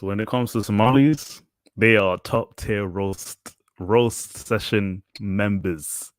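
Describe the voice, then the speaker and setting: A man commenting on a clip he is playing, relaxed and amused. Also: lowish voice, slow pace, no echo. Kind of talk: reaction commentary.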